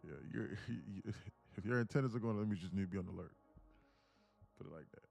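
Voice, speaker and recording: A man day trading on a live stream, talking to himself in low mutters and sudden excited bursts, laughing often. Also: brisk, vocal fry, soft background music. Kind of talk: casual live-stream commentary.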